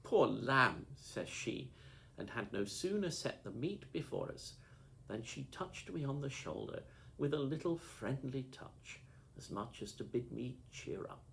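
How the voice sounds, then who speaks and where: A man narrating an audiobook with lively, expressive storytelling, over a faint background hiss. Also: medium pitch, unhurried, creaky, rough recording. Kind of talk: audiobook reading.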